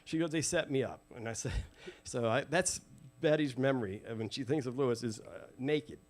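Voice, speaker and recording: A man, a guest telling family stories to a live audience in an animated way, acting out quoted voices. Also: medium pitch, moderate pace. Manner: lively, acts out quoted voices, laughs often.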